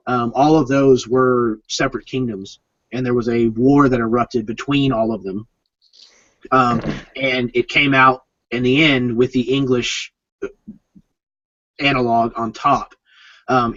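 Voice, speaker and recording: A man narrating as game master of a tabletop game, explaining with many pauses and ums. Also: medium pitch, a bit bright, dry recording. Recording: dull lo-fi sound.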